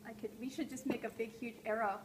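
A woman's voice: on the high side, fairly even intonation, fast talker. A woman hosting a live call-in art show from a gallery, talking in a playful, rambling way that often trails off. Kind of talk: live stream chat while drawing. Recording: noisy live stream room.

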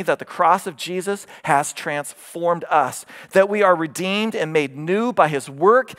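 An expressive pastor delivers a smooth sermon, lifting his voice through a scripture story and lowering it to drive points home.

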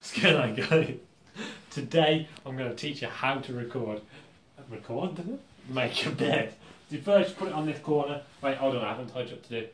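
A man's voice: mid-range voice, brisk, distant mic. A young man walks through a silly tutorial in a loose, goofy way. He sits well back from the microphone in a roomy space, with faint room noise behind him. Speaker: vlogger. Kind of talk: jokey tutorial.

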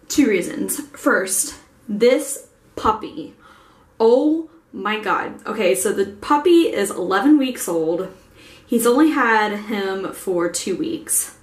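A young woman from Ohio vlogging casually, rambling along with many fillers. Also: medium pitch. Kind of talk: casual chat. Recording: echoey room with faint ambience.

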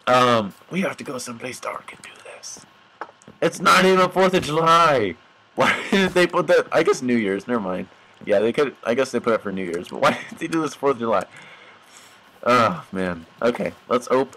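A man's voice: medium pitch, expressive, normal speed, fairly bright tone, slight background noise, low-quality recording. A young man giving goofy, mock-dramatic commentary over his own gameplay, talking to the animals on screen.

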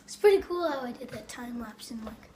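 A woman from Canada vlogging casually, talking in an excitable, rambling way into a phone on a selfie stick. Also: on the high side, brisk, heavy background noise. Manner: rambling, excitable, lots of "like" and "yeah". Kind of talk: casual vlog.

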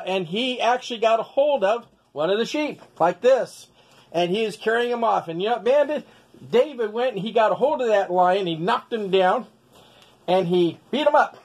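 Animated man telling a story with toys. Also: high-pitched. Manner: folksy, with sound effects and restarts. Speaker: storyteller teaching children's values.

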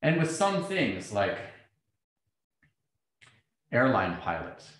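Middle-aged guy giving a talk, lively storyteller, voice bouncing round a big echoey hall. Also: medium pitch, slow pace. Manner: animated, acts out quoted exchanges. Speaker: speaker. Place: lecture hall.

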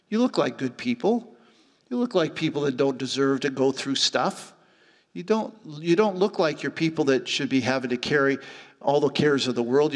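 A middle-aged man preaching a sermon as pastor, telling stories with lively acted-out voices. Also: mid-range voice. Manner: animated storytelling, acting out voices. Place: church hall. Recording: church hall reverb with faint music.

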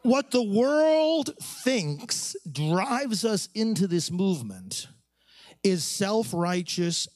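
A priest preaching at a conference, emphatic and preacherly, asking rhetorical questions and repeating key phrases. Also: male voice, on the high side, a little mellow, dry recording, studio quality. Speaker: priest addressing a pro-life conference.

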